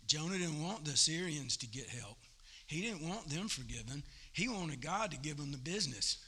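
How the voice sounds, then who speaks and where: A folksy pastor preaching to his church, his voice pitched rather high and ringing with a hard, forceful edge. He tells the story in an animated, down-home way. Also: moderate pace, slightly rough. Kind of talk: sermon. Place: church service.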